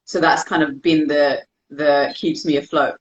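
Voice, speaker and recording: A young woman who practices dance speaks candidly as a guest in a casual interview, animatedly acting out her own thoughts as quotes. Her voice is low and her pace measured, with slight background noise on a dull, lo-fi recording.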